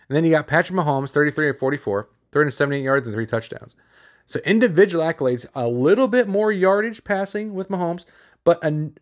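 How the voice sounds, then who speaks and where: A man hosting a solo sports podcast, rambling and opinionated, with lots of fillers, restarts and casual slang. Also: fairly high pitch.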